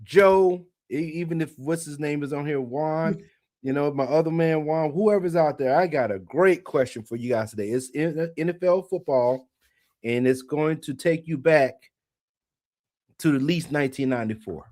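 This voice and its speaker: Chatty man with a higher voice. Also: moderate pace, a little mellow. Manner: explains at length, loose and chatty. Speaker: podcast co-host, trivia presenter. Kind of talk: casual sports podcast chat.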